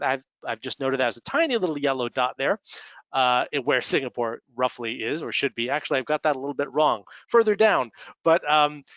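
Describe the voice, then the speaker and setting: A man's voice: mid-range voice, bright, forceful tone, no echo, lo-fi sound. A man with an American Midwestern accent giving a conversational slide presentation, adding dry humorous asides. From United States. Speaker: speaker at executive development webinar.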